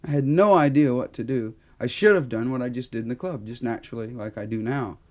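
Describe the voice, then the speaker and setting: A man's voice: mid-range voice, quick pace, darkish tone. A man from the United States recalling his early career in an old interview, candid and self-mocking. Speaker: interviewed singer. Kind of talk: archive interview reminiscence.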